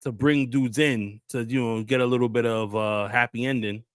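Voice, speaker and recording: A man's voice: medium pitch, steady tone, normal speed, clean tone, no room sound, studio quality. A man, hosting a casual talk show and telling loose, slangy stories full of acted-out quotes. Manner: loose storytelling with crude slang, acts out quotes. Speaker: podcast host. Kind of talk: casual chat.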